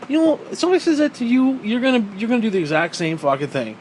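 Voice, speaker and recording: A man on a profane, sarcastic rant, his voice sitting high and leaping up and down as he gets heated. He swears constantly and pushes every point hard. A faint hum of air conditioning runs behind him. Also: very animated, fast, hardly any pauses, rough recording. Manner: mocks others in put-on quoted voices. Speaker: vlogger. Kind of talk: profane ranting monologue.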